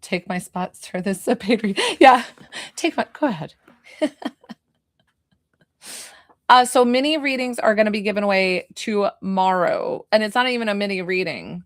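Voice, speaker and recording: A woman's voice: mid-range voice, normal speed, no echo, clean studio sound. A woman working as a spiritual medium, giving a chatty, emotional reading on a live stream and laughing often.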